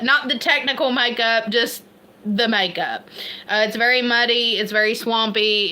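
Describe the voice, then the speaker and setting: Woman, Appalachian Kentucky accent, chatty livestream host, bright tone, slow unhurried talk. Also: fairly high pitch. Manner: chatty, rambling, laughs at herself. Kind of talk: casual livestream chat.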